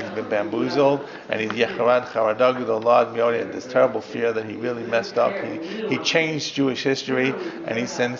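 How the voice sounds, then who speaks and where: A rabbi with a creaky mid-range voice teaches a classroom Torah lesson, reading lines of Hebrew and explaining each step by step to his students. The recording is dull and lo-fi, with class chatter in the background.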